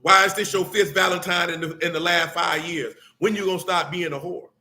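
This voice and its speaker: A man's voice: sits high, steady tone, fairly quick, bright, forceful tone. A man preaching a blunt, street-talking sermon mixed with scripture reading. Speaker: teacher.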